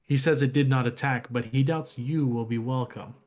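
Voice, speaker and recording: A man voicing a formal, measured female alien translator while reading lore. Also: medium pitch, a little mellow, close to an everyday voice.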